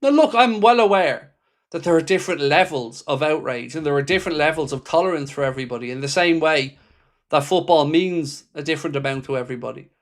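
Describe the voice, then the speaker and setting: In a slightly high voice at a quick pace, a man running a football fan livestream reads viewer comments and answers them. He does it bluntly and passionately, with frequent swearing.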